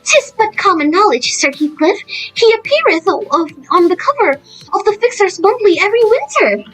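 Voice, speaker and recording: A woman's voice: very high-pitched, big pitch swings, moderate pace, a bit bright, faint music behind, pitched above the performer's own voice, heavily acted, low-quality recording. A woman voicing an earnest young female would-be knight who speaks in archaic, knightly phrases. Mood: storytelling.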